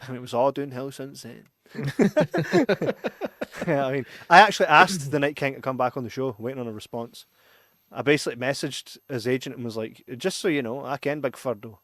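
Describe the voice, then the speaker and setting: A man's voice: mid-range voice, moderate pace, fairly bright tone, no echo. Man, Scottish accent, podcast co-host, casual chat, laughs a lot, dry close sound. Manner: laughs often, Scots slang, swearing. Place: studio.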